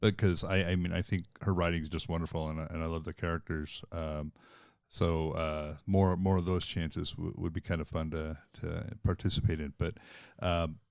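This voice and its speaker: A podcast cast member, a man chatting casually in a thoughtful, measured way, with fillers. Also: low-pitched, little pitch movement, vocal fry, smooth, no room sound. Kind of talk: casual chat.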